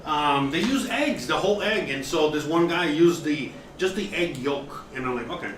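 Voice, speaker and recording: Expressive and fairly bright, a man with a fairly high voice talks at normal speed while cooking in his home kitchen for a casual live demo, chatty and prone to distraction as host. Background noise and roomy echo come through a far-off mic.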